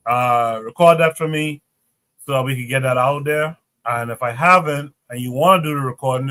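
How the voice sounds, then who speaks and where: A man runs a casual podcast livestream and passes the mic from guest to guest. His voice is bright and forceful. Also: mid-range voice. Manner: leads the show and hands off to each guest. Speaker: podcast host.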